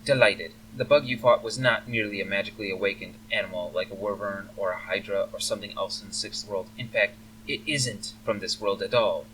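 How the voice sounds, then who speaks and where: A lofty male elf sage, as a man reads him out explains things in a dry, faintly amused lecturing tone. His voice is low and slightly distant, over a faint hum. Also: steady tone, a little fast, few pauses, fairly bright tone, natural voice.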